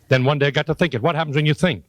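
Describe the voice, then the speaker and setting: A man's voice: very fast, a little hiss or hum. An older man giving a folksy, joking motivational speech to a live audience. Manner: homespun, joking, swings to high excited peaks. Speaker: motivational speaker.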